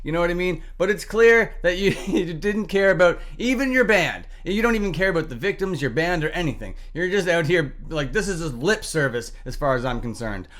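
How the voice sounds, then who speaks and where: A man's voice: on the high side, a bit bright. A young man hosting a reaction commentary, talking in a sarcastic, exasperated way, swearing often and laughing in disbelief. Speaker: commentary channel host.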